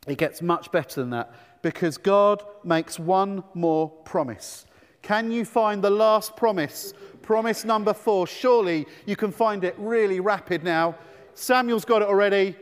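A man leading an animated children's talk in church, enthusiastic and full of questions for the children. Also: sits high, big-room sound.

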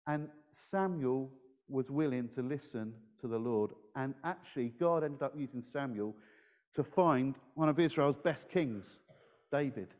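A man's voice: mid-range voice, a little slow, a little mellow, big-room sound, muffled recording. A man giving a playful children's talk in a church service, quizzing his young listeners as he goes. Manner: playful, engages the audience with questions. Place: church hall. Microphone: handheld microphone.

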